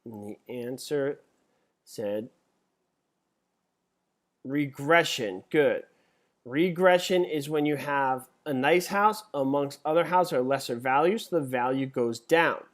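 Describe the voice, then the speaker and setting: A middle-aged man teaching a live webinar as an exam instructor, chatty and joking, reading multiple-choice questions out slowly. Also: mid-range voice. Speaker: real estate exam instructor.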